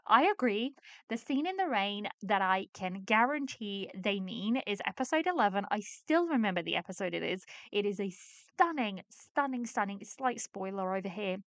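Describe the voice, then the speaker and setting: A woman's voice: medium pitch, a bit bright, dry recording. A woman hosting a podcast in casual chat, gushing and enthusiastic, repeating words for emphasis. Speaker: podcast host.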